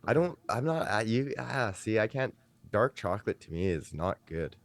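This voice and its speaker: A man's voice: on the low side, sing-song, moderate pace. A man co-hosting a casual podcast, teasing and blunt, swearing freely. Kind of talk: casual chat.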